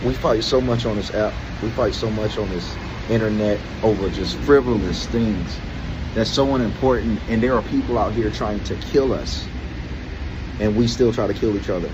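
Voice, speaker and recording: A man's voice: fairly low pitch, moderate pace. A man near tears in an earnest, emotional personal vlog, often calling the listener bro and man. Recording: dull lo-fi audio with background noise.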